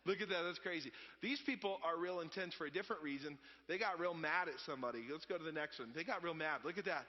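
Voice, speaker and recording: A man, preaching a sermon in a relaxed, conversational storytelling way that swings between loud and hushed. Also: a little high, fast. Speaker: pastor. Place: church sanctuary. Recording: dull sound with long reverb.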